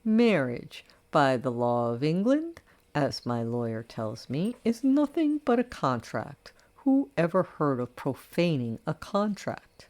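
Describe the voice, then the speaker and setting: A woman's voice: sits low, big pitch swings, slow, darkish tone, exaggerated voice. Woman reading a cool, sardonic rich older lady. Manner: dry, self-assured, cutting.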